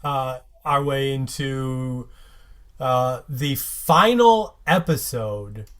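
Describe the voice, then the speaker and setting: A man co-hosting a podcast, reading episode credits in an unhurried way with hesitant fillers. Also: mid-range voice, a bit bright. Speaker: podcast co-host.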